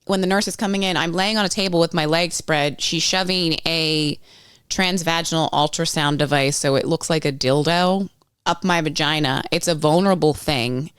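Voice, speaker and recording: A woman's voice: sits low, steady tone, normal speed, fairly bright tone, clear, resonant tone, no echo, clean studio sound. A woman, candidly telling a personal story on a podcast, frank and swearing, acting out what others said. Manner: frank, swears freely, acts out others' lines. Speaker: podcast guest.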